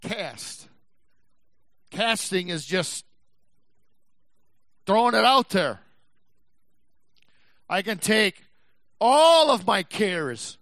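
A male pastor preaching a sermon, swinging from shouted passages to quiet, slow, emphatic stretches. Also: sits high, sing-song, dry recording. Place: church.

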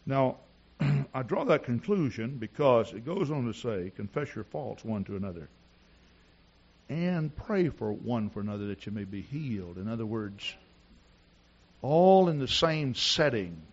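A man preaching a sermon in a church, telling personal stories and rising to shouts at the climax. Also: medium pitch, very animated, measured pace, husky, dull audio. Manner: storytelling preacher who builds to shouting.

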